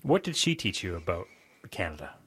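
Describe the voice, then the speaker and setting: Male interviewer, husky low voice, dry sound, gentle measured questions. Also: very animated, no echo. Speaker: radio interviewer. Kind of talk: broadcast interview.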